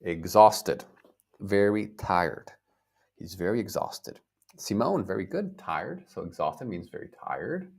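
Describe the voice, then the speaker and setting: A man from the United States teaching a live online English lesson, speaking slowly and clearly, repeating words and acting out feelings for his viewers. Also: sits low, expressive, a little mellow.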